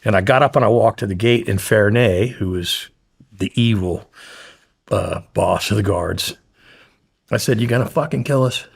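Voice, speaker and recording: A man's voice: fairly low pitch, steady tone, measured pace, gravelly, long pauses, slightly rough. A man guest in an interview, blunt and profane, intensely retelling a frightening story.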